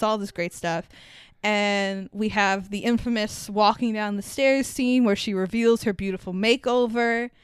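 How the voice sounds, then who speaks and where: Smooth-voiced woman chatting casually. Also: mid-range voice, no room sound, clean studio sound. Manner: animated, profane, laughs often. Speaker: podcast co-host. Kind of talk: casual movie review chat.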